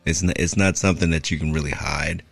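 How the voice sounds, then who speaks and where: A man's voice: rumbling low, steady tone, fast, creaky, husky, faint music behind. A man from Southern California talking in casual, laid-back podcast chat, full of fillers and swearing. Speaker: podcast co-host.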